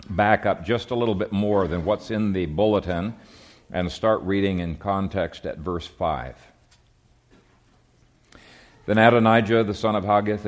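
A man with a very low voice gives a sermon. He reads the Bible passage at a steady, measured pace and corrects his own slips as he goes. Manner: conversational asides, then measured Bible reading; occasional slips and self-corrections. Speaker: pastor. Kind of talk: sermon with scripture reading.

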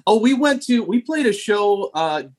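A man being interviewed as a band member on a comedy radio show, answering absurd questions in a matter-of-fact, deadpan way. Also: sits high, normal speed. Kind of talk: comic interview.

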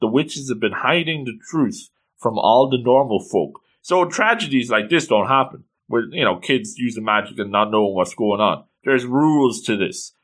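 A man reading a comic aloud with casual, excitable commentary, breaking in with playful exclamations. His voice is bright and forceful at a mid pitch. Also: moderate pace, hardly any pauses. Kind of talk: casual read-along commentary.

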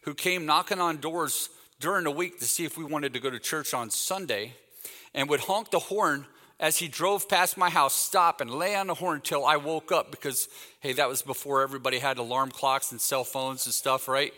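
Bright-voiced man preaching in a reverberant hall. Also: a little high, normal speed. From Texas. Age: 50s. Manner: animated anecdotal storytelling, acts out quoted dialogue. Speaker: guest speaker. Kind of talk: sermon with storytelling.

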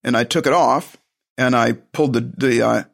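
A man's voice: mid-range voice, normal speed, gravelly. A man telling a personal story in a casual, rambling way, with frequent restarts and side remarks.

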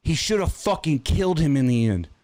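A man co-hosting a casual podcast, ranting loudly and emphatically, with plenty of profanity. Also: fairly high pitch, big pitch swings, brisk, over a noisy crowd. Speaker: podcast co-host.

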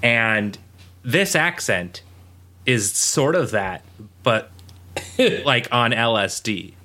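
A man's voice: mid-range voice, lively intonation, very slow, bright, forceful tone. A man co-hosting a podcast, recapping a show in casual chat and rambling with many fillers. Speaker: podcast co-host.

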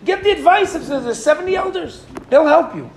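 Animated man teaching a Torah class. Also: very high-pitched, brisk, slight background noise. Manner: animated, questions the class, reads Hebrew verses aloud.

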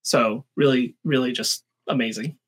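Give me a man with a husky voice talking calmly in podcast chat. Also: mid-range voice. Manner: measured, hesitant with ums. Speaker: podcast co-host. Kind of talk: casual chat.

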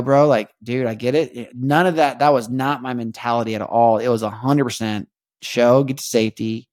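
A man hosting a podcast, talking in a rambling, halting way with many restarts and earnest, faith-minded reflection. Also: medium pitch, dry recording, clean studio sound. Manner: rambling, halting, repeats words, keeps asking "you know what I mean". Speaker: podcast host. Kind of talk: casual confessional monologue.

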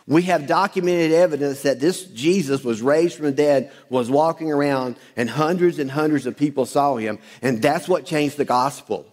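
Man, pastor, sermon, fairly high voice, call-and-response, long church reverb. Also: moderate pace, darkish tone. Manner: calls for congregation to repeat lines; quotes scripture, asks and answers own questions. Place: church sanctuary.

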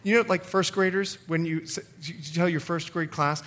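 A middle-aged man, a pastor, preaching a sermon in an animated way, acting out quotes and laughing often. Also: a little high, moderate pace.

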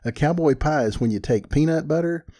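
A man's voice: on the high side, brisk, warm tone. An older man, hosting a podcast with rambling, folksy, self-deprecating chat. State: a little out of breath. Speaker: podcast host. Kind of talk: casual solo podcast talk.

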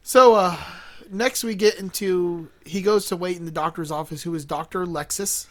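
A man's voice: high-pitched, moderate pace, no room sound. A man co-hosting a podcast, casually recapping a movie with lots of fillers and laughter. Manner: rambling, laughs often, many fillers. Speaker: podcast co-host.

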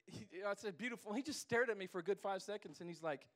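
Animated, high-voiced preacher man. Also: fast. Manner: playful, animated preaching with laughter. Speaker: pastor. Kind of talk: sermon.

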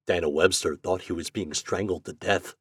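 A man narrating an old holiday story aloud in an expressive, lively manner. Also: low-pitched, moderate pace, breathy edge, no room sound, studio quality. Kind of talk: storybook reading.

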